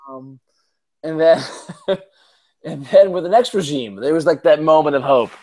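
A man's voice: fairly high pitch, animated, unhurried, darkish tone. A tipsy man co-hosting a sports chat, rambling, profane, full of stammered restarts. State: tipsy from drinking. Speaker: podcast co-host.

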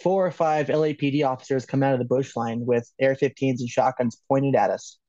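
A man's voice: mid-range voice, steady tone, fairly quick, warm tone, dry recording. Podcast guest, man from L.A., loose and joking with lots of laughs; dry, slightly muffled recording. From Los Angeles, California. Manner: laughs often, loose and joking, swears, many "like"s. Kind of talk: casual storytelling.

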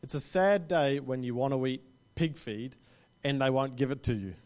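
A man's voice: medium pitch, moderate pace, darkish tone. A man preaching a sermon to a congregation, speaking conversationally and often checking in with "right?".

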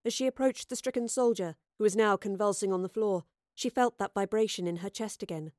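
A woman reading an audiobook as the narrator, with steady, measured storytelling. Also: medium pitch, no echo, clean studio sound. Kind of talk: scripted narration.

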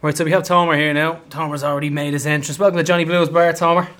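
A man's voice: on the high side, little pitch movement, fast, fairly bright tone. A man hosting a podcast, running the games in upbeat casual chat. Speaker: podcast host.

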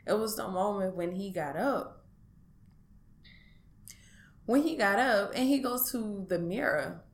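A woman at a middle pitch, speaking as a guest in an interview. She tells a personal account haltingly, pausing often and restarting her sentences. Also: expressive. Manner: halting, hesitant, with many pauses and restarts.

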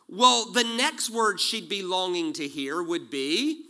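A man in his forties preaching a sermon, animated and joking, acting out quotes as he tells stories. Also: high voice, measured pace. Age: 40s. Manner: animated storytelling with jokes and acted-out quotes. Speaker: pastor.

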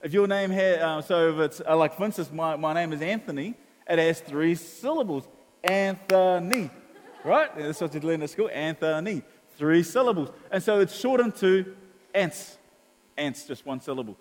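A pastor from New preaches in a relaxed, storytelling way. He acts out conversations and laughs along the way. His voice sits a bit high, and it rings out in a hall with long reverb. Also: normal speed, slight background noise. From New Zealand. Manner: chatty storytelling, acts out dialogue, laughs often. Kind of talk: sermon.

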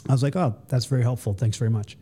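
A man's voice: racing, slight background noise. A middle-aged man from the United States, a retired Special Forces soldier, telling stories casually as a podcast guest and acting out the voices of the people in them. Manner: animated, acts out quoted voices with high pitch jumps. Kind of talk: casual storytelling.

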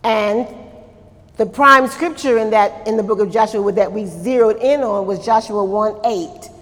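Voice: medium pitch, a little slow, fairly bright tone, long reverb tail. A Bible study teacher leading a church class, asking the group questions, answering them, and adding frequent amens.

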